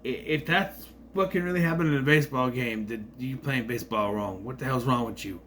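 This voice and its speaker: A man's voice: mid-range voice, brisk, fairly bright tone, slight background noise. A man giving a casual, rambling movie review with sarcastic asides.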